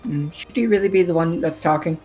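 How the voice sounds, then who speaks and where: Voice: medium pitch, fairly quick, darkish tone, soft background music. A tabletop player voicing a mouthy young fairy girl with a smug, teasing manner.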